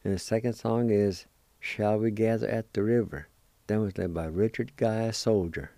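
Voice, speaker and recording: A man hosting a language lesson, spelling words letter by letter and pronouncing them slowly and deliberately. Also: on the low side, steady tone, vocal fry, dark tone, dry recording. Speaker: host teaching Cherokee words.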